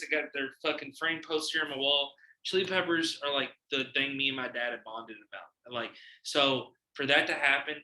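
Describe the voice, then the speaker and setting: A man hosting a casual podcast, telling animated, profane stories and acting out the quotes. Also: medium pitch, reverberant, low-quality recording. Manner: animated, profane storyteller who acts out quotes. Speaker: podcast host. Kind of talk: casual podcast chat, storytelling.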